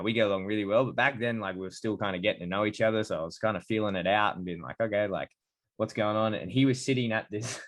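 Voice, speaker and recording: Man, podcast host, low voice, relaxed storyteller, casual chat.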